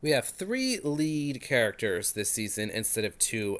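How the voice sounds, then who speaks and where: A man's voice: medium pitch, lively intonation, unhurried, few pauses, fairly bright tone. A man in his thirties hosting a review channel, talking in a chatty, enthusiastic, self-deprecating way. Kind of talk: casual spoken review.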